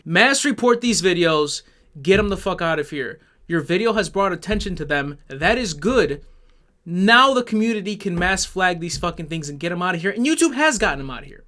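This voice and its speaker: A man's voice: high voice, bright, forceful tone. A man delivering an angry, sarcastic YouTube commentary rant, swearing heavily.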